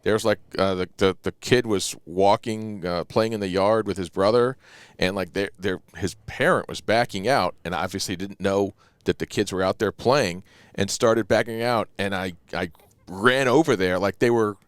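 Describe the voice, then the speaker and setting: A man's voice: on the low side, normal speed, smooth, no echo. A man co-hosting a casual podcast, rambling through his stories with many fillers and jokey asides. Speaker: podcast co-host. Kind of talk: casual chat.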